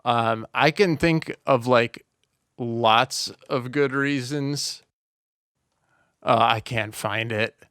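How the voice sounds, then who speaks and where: A man's voice: mid-range voice, very slow, fairly bright tone, clean tone, no room sound, clean studio sound. A man co-hosting a podcast, chatting casually about a movie and rambling with lots of "like" and restarts. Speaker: podcast co-host.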